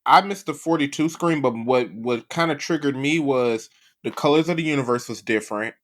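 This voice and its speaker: A man with a lisp co-hosting a podcast, chatting in a lively, self-deprecating way. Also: mid-range voice, brisk. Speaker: podcast co-host. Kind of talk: casual chat.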